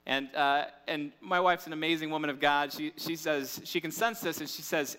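High, bright-voiced pastor preaching in a hall. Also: male voice, steady tone, normal speed, hardly any pauses, clear, resonant tone. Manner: conversational, candid preaching with fillers. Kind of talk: sermon. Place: church. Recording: reverberant church hall.

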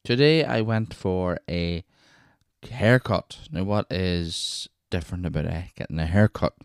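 Deep-voiced Northern Irish man rambling. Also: unhurried, clear, resonant tone, no echo, studio quality. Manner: rambling, chatty, self-interrupting with wee asides. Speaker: podcast host. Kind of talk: casual solo storytelling.

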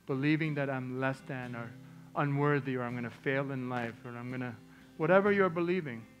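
A middle-aged male pastor preaching a sermon, telling a personal story with strong swings from hushed, quiet lines to loud, emotional ones. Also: medium pitch, a little fast, highs cut off, soft background music.

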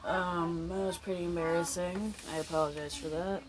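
A woman hosting a casual podcast, relaxed and giggly while stoned, swearing freely. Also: on the low side, normal speed, a crowd in the background, low-quality recording. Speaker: podcast host. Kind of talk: casual chat.

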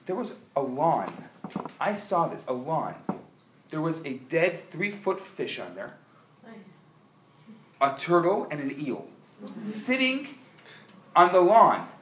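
A man's voice: fairly high pitch, big pitch swings, slow, long pauses, fairly bright tone, reverberant, slight background noise. A man giving an inspirational sermon at a convention, telling a story with frequent restarts and building to emphatic appeals. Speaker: speaker at a religious convention.

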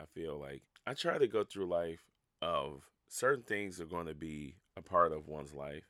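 A man with a very low, gravelly voice talks through a casual solo podcast. His tone is bright and forceful, and he keeps laughing at himself. The sound is close and dry. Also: no echo. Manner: rambling, self-mocking, laughs at his own stories. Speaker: podcast host.

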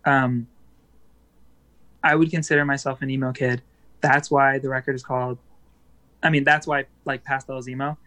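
A man's voice: mid-range voice, little pitch movement, normal speed, pauses often, sharp tone. A young adult man, a musician guest on a podcast, chatting casually and rambling with many fillers and restarts.

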